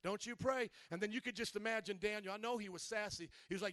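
A man with a very high voice preaches an animated sermon. He acts out Bible stories with shouted lines, then drops low and quiet to tell a story. The sound is dry and close. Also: fast talker, hardly any pauses, no echo. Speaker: pastor.

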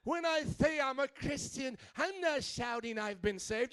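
A preacher with an unusually high voice, talking fast and playful in an animated sermon. He swings from quiet asides to loud shouting and mocks people's excuses in put-on voices. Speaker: pastor. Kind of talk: energetic sermon.

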